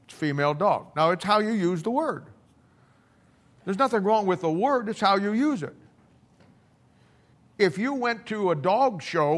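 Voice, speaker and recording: A middle-aged man preaching in a loose, conversational way, blunt and folksy. He stumbles and repeats words as he builds his stories. His voice sits a little high for a man. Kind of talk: conversational sermon storytelling.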